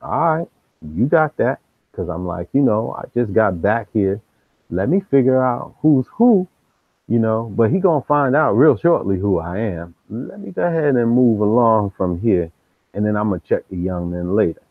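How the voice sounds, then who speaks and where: A man's voice: fairly low pitch, animated, normal speed, no room sound. A man hosting a live stream, telling street stories casually in slang and acting out the people he quotes. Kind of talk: casual storytelling. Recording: tinny phone-like dry sound.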